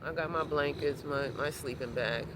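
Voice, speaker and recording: Woman talkin to her vlog outside, rambly, keeps repeating herself, loud street noise behind. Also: deep voice, moderate pace. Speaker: vlogger. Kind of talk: casual talk to camera. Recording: noisy outdoor street recording.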